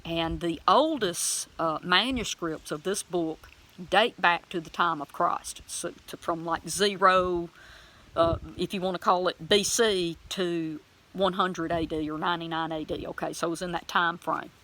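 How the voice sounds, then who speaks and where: Bright-voiced woman telling a testimony. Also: fairly low pitch, a little slow. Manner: animated, acts out her own commands loudly; emotional, plain-spoken and folksy. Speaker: Christian vlogger sharing a testimony. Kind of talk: personal testimony storytelling.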